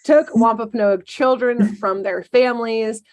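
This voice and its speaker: A woman co-hosting a podcast, telling a dark history story in a casual way, with sarcastic asides and lots of ums. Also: on the high side, steady tone, a little slow.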